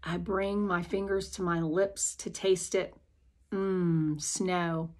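A woman's voice: on the low side, level tone, takes it slowly, a little mellow. A woman reading an audiobook aloud in the first person, speaking as a young girl telling her own story. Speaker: audiobook narrator.

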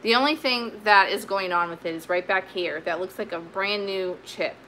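A woman's voice: medium pitch, moderate pace, sharp tone, slight background noise. A woman chatting casually as she shows off her vintage finds, rambling with plenty of fillers and restarts. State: sweaty, warm. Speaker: vintage reseller. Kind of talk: casual haul video chat.

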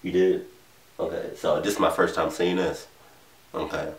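A man's voice: sits low, little pitch movement, moderate pace. A young man hosting a casual reaction vlog, talking in slang, swearing and laughing. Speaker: reaction video host. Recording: echoey room, distant mic.

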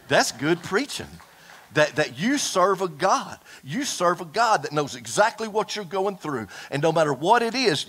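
A man preaching a fiery sermon to his congregation, folksy and animated, calling out for amens. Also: mid-range voice. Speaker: pastor. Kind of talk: impassioned Pentecostal-style sermon. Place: church service before a congregation.

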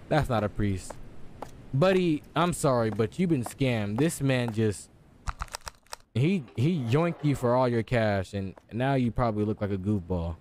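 A man's voice: lowish voice, animated, measured pace, long pauses, a little mellow, a little hiss or hum. A young man giving jokey let's-play commentary on a horror game, reacting aloud and talking back to the characters. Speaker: gaming YouTuber.

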